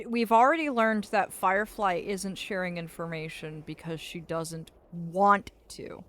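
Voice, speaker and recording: A woman's voice: lowish voice, measured pace, a bit bright. A woman streaming a game live, chatting playfully and reading game lines aloud as she plays. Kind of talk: live gameplay commentary. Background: game music.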